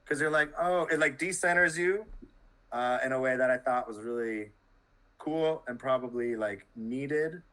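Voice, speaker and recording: Bright-voiced man, rambling casually. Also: medium pitch, moderate pace, poor audio. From Canada. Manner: rambling, many "like"s and restarts. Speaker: podcast guest, journalist. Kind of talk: casual interview conversation.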